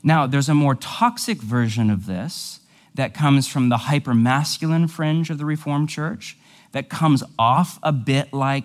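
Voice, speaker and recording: A man's voice: mid-range voice, unhurried. A male pastor teaching a sermon in a conversational, explanatory way, with casual asides.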